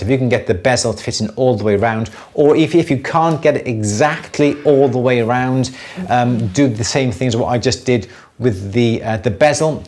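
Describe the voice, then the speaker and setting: A middle-aged man hosting a live jewellery Q&A, explaining techniques step by step in a relaxed way, with many fillers and restarts. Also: medium pitch. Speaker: jewellery maker answering viewer questions. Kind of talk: live Q&A demonstration.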